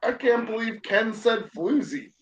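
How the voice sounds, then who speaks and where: A man running a casual group chat, loud and quick to laugh, swearing freely. His voice sits high and swings widely, with a slow delivery. The sound is dull and lo-fi. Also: animated, breathy edge.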